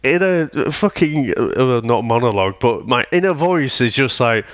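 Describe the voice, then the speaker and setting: A man's voice: medium pitch, expressive, a little slow, fairly bright tone. A man, telling stories on a casual podcast, swearing freely and laughing often. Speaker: podcast co-host. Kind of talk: casual chat.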